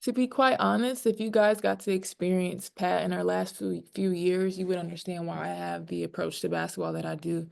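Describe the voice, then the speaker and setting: Low gravelly woman, candid and emotional. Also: level tone, brisk, few pauses. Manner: candid, rambling with many fillers. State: emotional, near tears. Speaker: pro basketball player. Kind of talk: press conference answers.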